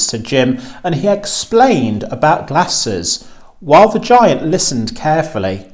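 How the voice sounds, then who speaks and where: Man, storybook narrator, slow unhurried reading, lively rise and fall. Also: medium pitch. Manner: slow, expressive, animated.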